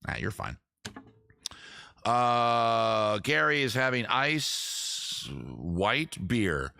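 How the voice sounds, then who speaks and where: Stream host, male, bright forceful voice, dry close sound, chatty and loose with viewers. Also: mid-range voice, sing-song, very slow, creaky, smooth, dry recording. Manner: chatty, reads viewer comments aloud and answers them. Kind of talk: casual live-stream chat. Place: seated at home on a rolling chair.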